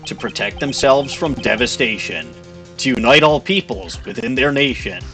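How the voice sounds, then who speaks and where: A man playing a composed assassin who lays out each word slowly and deliberately. Faint game music plays under his mid-pitched voice. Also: animated, bright, forceful tone. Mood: cold. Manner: slow, deliberate, formal delivery. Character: calm, measured male professional assassin.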